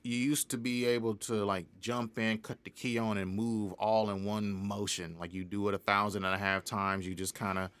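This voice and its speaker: In a laid-back interview, a young independent musician narrates a story with a fairly low, smooth voice at a moderate pace and with few pauses. Animated throughout, he laughs frequently and voices the other characters' words.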